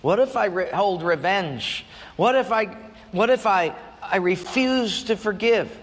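Earnest preacher man, slightly high voice. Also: animated, unhurried, fairly bright tone. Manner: earnest storytelling with sudden rises in pitch. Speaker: pastor. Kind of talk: sermon. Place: church. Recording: long church hall reverb.

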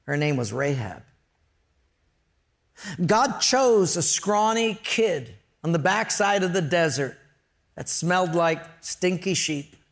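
Man preaching, fairly high voice, storytelling, humorous and earnest. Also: vocal fry. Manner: storytelling, joking, then earnest and emphatic. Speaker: pastor. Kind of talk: sermon.

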